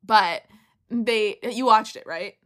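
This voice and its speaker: A woman's voice: mid-range voice, slow, fairly bright tone. A woman co-hosting a casual chat, retelling scenes with lots of laughter. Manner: giggly, retells scenes with quoted voices. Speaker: podcast co-host. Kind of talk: casual chat recapping a reality show.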